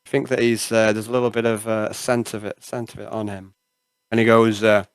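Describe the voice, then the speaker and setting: Man game master narrating a tabletop game, smooth resonant voice, dry close sound, rambling with many fillers. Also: on the low side, flat delivery, brisk, dry recording.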